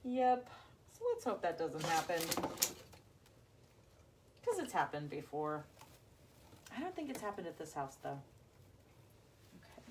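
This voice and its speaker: A woman's voice: low voice, very animated, a little slow, long pauses, noisy background. A woman hosting a live craft demo from home, chatting to viewers as she works. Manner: chatty, talks to viewers as y'all. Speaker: craft livestream host.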